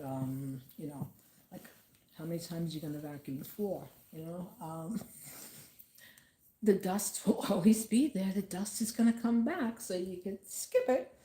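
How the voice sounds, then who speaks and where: Low-voiced woman rambling in an echoey room. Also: dark tone, a little hiss or hum. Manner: rambling and halting, many fillers. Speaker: vlogger. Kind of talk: casual talk to camera about grief. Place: at home.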